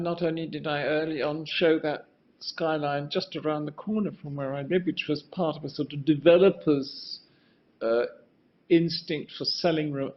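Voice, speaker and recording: An older man with a slightly high voice gives a rambling, musing lecture on architecture, frequently restarting sentences and asking for the next slide. The muffled lo-fi recording carries a little hiss or hum.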